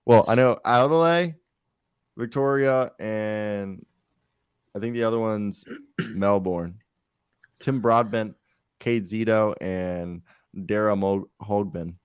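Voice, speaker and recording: A man's voice: lowish voice, slow pace, pauses often, clear, resonant tone, dry recording. A young man co-hosting a podcast, joking around in crude, profane, casual banter. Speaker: podcast co-host.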